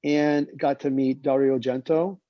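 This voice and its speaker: A man's voice: mid-range voice, flat delivery, normal speed, dry recording. A man in his sixties, a film director, telling rambling career anecdotes and acting out the quoted dialogue. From United States. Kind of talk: casual anecdotal storytelling. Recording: dull lo-fi sound.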